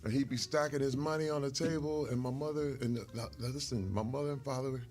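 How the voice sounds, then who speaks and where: A man telling stories from his life in casual conversation over a meal, animated and earnest, sometimes getting emotional. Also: medium pitch, fast, faint music behind. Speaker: guest.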